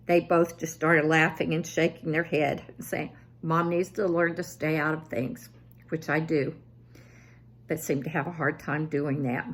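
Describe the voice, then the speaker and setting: A woman in her seventies telling family stories in a casual, self-deprecating vlog. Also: on the low side. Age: 70s. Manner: self-deprecating, animated when quoting family. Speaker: vlogger.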